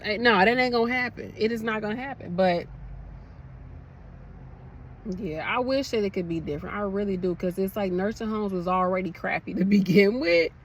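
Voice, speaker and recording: A woman's voice: mid-range voice, a little fast, few pauses. A young woman nurse from the American South ranting emotionally to her viewers, passionate and preachy, calling them y'all. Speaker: nurse vlogger. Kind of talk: emotional casual rant to camera.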